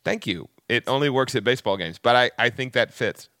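A man's voice: mid-range voice, expressive, a little fast, pushed and bright, no room sound, studio quality. A man with a Southern US accent, chatting on a podcast and retelling history with jokes. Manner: chatty, joking storyteller. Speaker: podcast guest telling history. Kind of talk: casual podcast chat.

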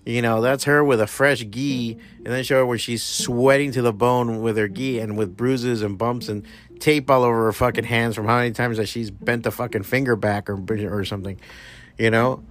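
A man's voice: mid-range voice, moderate pace. A man hosting a podcast, ranting bluntly with heavy swearing and bits of Spanish slang. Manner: profane, blunt and animated. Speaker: podcast host. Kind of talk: casual ranting commentary.

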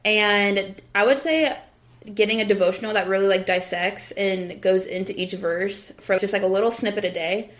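A woman's voice: mid-range voice, steady tone, moderate pace, a bit bright. A young woman from the United States talking casually about her faith, with lots of fillers and frequent laughs. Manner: chatty, lots of "like" and "literally", laughs often. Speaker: guest.

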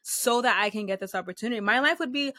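Woman guest, casual interview chat; lively, filler-heavy delivery, close dry mic. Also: on the high side, fast, no echo. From United States, first-generation Salvadorian. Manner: animated, chatty, many fillers, acts out quotes.

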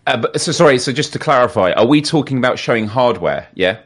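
A man's voice: medium pitch, lively intonation, fast. A man co-hosting a live gaming podcast, chatting casually, asking questions and often restarting his sentences. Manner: hesitant, restarts a lot, asks clarifying questions. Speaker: podcast co-host. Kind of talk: casual live-stream chat.

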